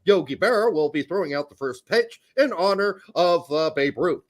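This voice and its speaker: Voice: a man doing an old-time male TV sports announcer. Style: stiff, formal mock 1950s broadcast. Pitch: slightly high, lively. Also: moderate pace. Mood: announcing.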